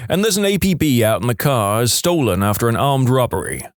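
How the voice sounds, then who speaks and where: Picture a calm older cop working the night shift on a freeway, easygoing and dry as he ribs a tired driver, as a man reads him out in his own voice. His pitch rises and falls a lot. The sound is dry and close. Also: a little fast, dry recording, close to an everyday voice. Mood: calm, teasing. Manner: easygoing, dryly joking. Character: older male police officer, calm and teasing.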